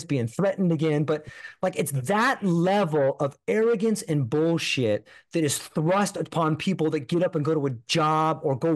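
Guy on a podcast venting about his old job, kinda higher voice, lots of like and restarts. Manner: emphatic, frequent "like" and restarts. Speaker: podcast guest. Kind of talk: candid conversational storytelling.

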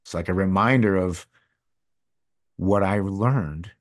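A middle-aged man with a fairly low voice tells a personal story as a podcast guest. He talks candidly and rambles a little. His voice drops quiet and comes back up as he goes. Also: slow pace. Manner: candid, rambling, swings between loud and hushed. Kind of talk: casual storytelling.

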